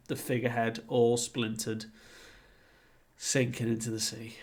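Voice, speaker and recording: A young man recapping and commenting on a comic chapter in a relaxed, chatty way, full of "like". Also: medium pitch, gravelly. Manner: relaxed, filler-heavy retelling with frequent "like". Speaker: manga reviewer.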